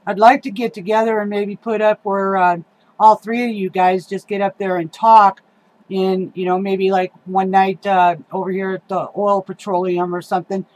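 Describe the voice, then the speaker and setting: A woman's voice: medium pitch, little pitch movement, normal speed, darkish tone, poor audio. A middle-aged woman giving a casual, rambling rant about local politics, heated and swearing, with lots of ums and uhs.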